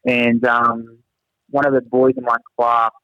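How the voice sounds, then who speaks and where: The young teacher's voice sits at medium pitch, clear and resonant, delivered flatly and a little slowly. As a guest in casual conversation, he rambles through humorous anecdotes and laughs at himself. There's no room sound, though the audio is slightly dull and lo-fi.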